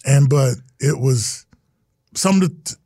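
A man's voice: mid-range voice, a little slow, mellow, slightly rough, dry recording, clean studio sound. A middle-aged man, a former pro football player, telling stories in a casual interview and acting out the voices of people he quotes. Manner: earnest storytelling, acts out quoted voices.

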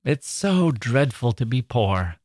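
A man's voice: mid-range voice, normal speed, no room sound, studio quality, close to an everyday voice. A man reading aloud and voicing a teenage older sister in a complaining tone. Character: eldest teenage sister, prim and wistful.

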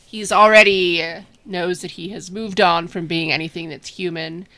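Woman, casual book chat, bright forceful tone, lowish pitch, animated, acts out characters. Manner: animated, acts out characters in quick voices, laughs often. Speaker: podcast co-host discussing a book.

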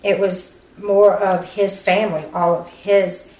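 A woman's voice: mid-range voice, flat delivery, a little slow, dark tone. A woman telling the story of a family loss in an interview, reenacting what was said. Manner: tells events plainly, reenacting dialogue. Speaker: family member of victim. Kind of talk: personal account in interview. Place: family's home on location. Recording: echoey room, faint noise.

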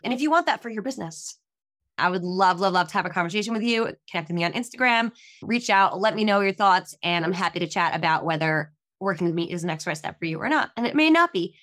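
A woman's voice: on the low side, expressive, fast talker, fairly bright tone. A woman business coach hosting a casual podcast interview over a video call, effusive and emotional, rambling a little.

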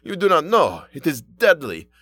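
A man's voice: medium pitch, fairly even intonation, unhurried, close to an everyday voice. A man voicing a desperate, agitated foreign merchant husband who pleads and flares into anger. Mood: agitated pleading.

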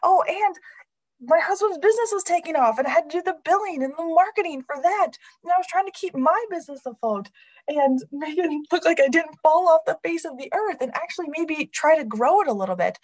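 A woman's voice: high-pitched, poor audio. A woman in her thirties candidly telling a personal story, laughing often and acting out her own inner voice. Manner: expressive, laughs often while talking; lively acted-out inner voice.

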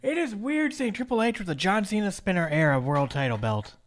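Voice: medium pitch, lively intonation, brisk. A podcast co-host chatting casually and joking while narrating a wrestling match move by move. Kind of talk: casual podcast chat with play-by-play recap.

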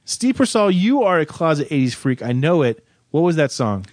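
A man's voice: on the high side, sing-song, moderate pace, no room sound, faint music behind. A man hosting a casual podcast chat, rambling and self-correcting with a joking tone. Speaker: podcast host.

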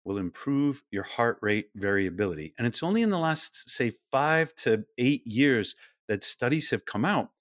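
A middle-aged man talks as a podcast guest, his pitch swinging up and down with real liveliness. The recording is close and dry, with almost no room sound around him. He explains eagerly and slips into little acted-out voices when he quotes someone. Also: very animated, normal speed, a bit bright, no echo. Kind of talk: explanatory interview talk.

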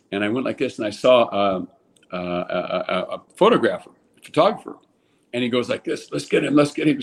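An older man from California, a former ballplayer, telling anecdotes casually and animatedly, with many restarts. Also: medium pitch. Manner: animated anecdote teller, lots of restarts, voices people in quotes. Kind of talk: casual storytelling.

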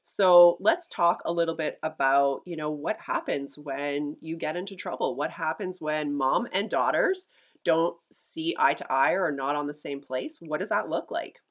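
A middle-aged woman with a slightly low voice hosts a relaxed family conversation. She keeps things moving with gentle, prompting questions. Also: moderate pace. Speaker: podcast host and mother. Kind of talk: casual family chat.

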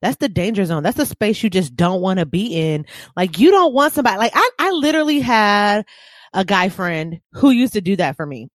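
A woman co-hosting a casual chat, expressive and full of loud, hyped-up mimicry. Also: medium pitch, a little fast, no room sound, studio quality.

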